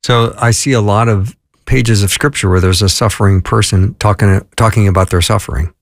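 A man's voice: fairly low pitch, fairly even intonation, fairly quick, vocal fry, no room sound, studio quality. A man hosting a podcast interview, asking short questions. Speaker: podcast host.

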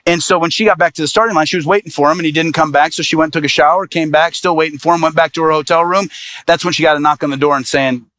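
A man, an evangelist, telling a personal story in a sermon with lively, animated delivery. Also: on the high side, fast talker, no echo. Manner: animated, lively storyteller voicing quoted people.

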